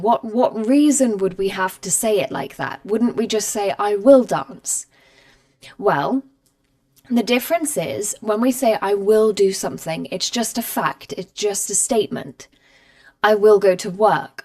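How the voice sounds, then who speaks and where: A woman's voice: medium pitch, a little mellow. A woman teaching a live online English grammar lesson, explaining patiently and reading out example sentences. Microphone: camera mic.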